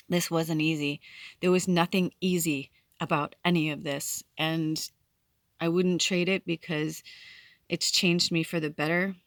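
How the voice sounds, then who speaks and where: Woman, late 40s, lowish voice, dry close sound; candid spiritual vlogger, heartfelt, swears casually. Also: no room sound. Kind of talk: casual late-night vlog talk.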